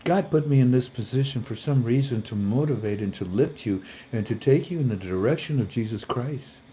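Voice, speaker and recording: A man hosts a casual, faith-based livestream. His voice sits at a middle pitch. He rambles in a folksy way and calls his viewers family. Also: brisk, mellow, a little hiss or hum. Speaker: host.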